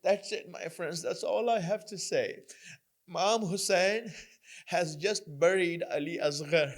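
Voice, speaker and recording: A man with a very high-pitched voice delivers a mourning sermon at a mosque gathering. He recites and translates a prayer, then tells the story with mounting passion, his voice breaking into sobs. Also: a little slow. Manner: recounts the narrative with rising passion, voice breaking into sobs. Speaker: Muharram majlis speaker.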